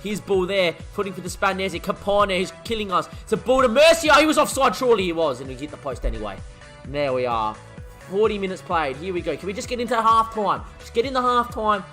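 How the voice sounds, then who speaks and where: Brief: male streamer, high bright voice, calls his own football match, quiet mutters then loud yells, faint music behind. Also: a little fast. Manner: excitable, swings from muttering to shouting. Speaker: gaming streamer. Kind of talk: live football game commentary.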